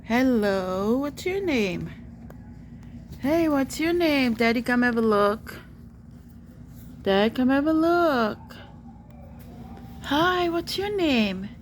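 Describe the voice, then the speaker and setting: Woman vlogger, high lively voice, slow coaxing delivery, faint ambience behind. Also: slight background noise. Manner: coos sweetly at a bird in a high voice; calls out pleadingly for her dad. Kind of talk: excited casual chat.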